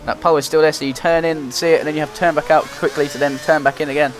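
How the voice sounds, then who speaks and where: Young man giving excited racing game commentary. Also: a little high, rapid-fire. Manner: excitable, running play-by-play. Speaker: gaming commentator. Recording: loud game music behind the voice. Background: game music and engine noise.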